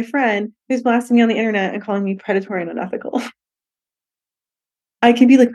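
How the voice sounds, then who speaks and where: A woman's voice: a little high, normal speed, long pauses. A woman hosting a solo podcast, candid and profane, laughing often and acting out little voices as she talks. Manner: animated, acts out voices in quotes. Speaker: podcast host. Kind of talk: casual solo podcast monologue.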